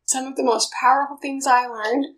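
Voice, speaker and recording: High-voiced woman telling a personal story. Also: fairly even intonation, a little fast. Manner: emotional storytelling, swings into loud high outbursts. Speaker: speaker sharing a personal story. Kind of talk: personal testimony talk.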